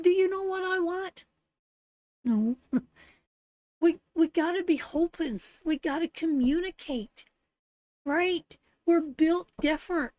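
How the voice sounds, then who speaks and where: Blunt high-voiced woman tarot host. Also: darkish tone, dry recording. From Canada. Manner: blunt, salty, preachy pep talk to viewers. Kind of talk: live-stream tarot reading and chat.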